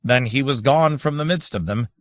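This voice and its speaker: A man reading an audiobook aloud in measured, dramatic scripted narration. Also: medium pitch, a bit bright, dry recording, studio quality.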